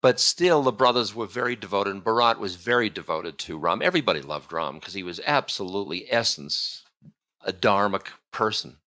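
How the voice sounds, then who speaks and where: Lecturing man, low-ish voice, bright tone, meandering storyteller with chuckling asides. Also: lively intonation, moderate pace. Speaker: spiritual teacher.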